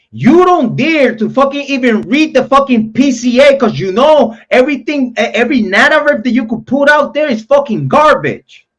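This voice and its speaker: A young man hosting a true crime live stream, ranting in a heated, profane, repetitive way. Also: high voice. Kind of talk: angry live-stream rant.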